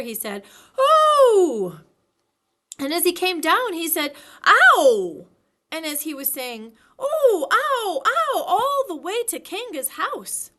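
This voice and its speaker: A woman librarian reads a children's storybook aloud in an expressive, storytelling manner. Her voice is bright and fairly high, rising and falling in a lively way.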